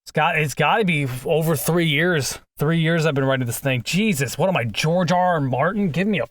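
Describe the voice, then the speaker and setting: A man's voice: fairly high pitch, a little fast, no room sound, clean studio sound. A man in his twenties reading a scripted game critique who keeps stumbling over words and swearing in frustration. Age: 20s. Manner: swears often, frustrated at his own misreads. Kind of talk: scripted critique narration with outtakes.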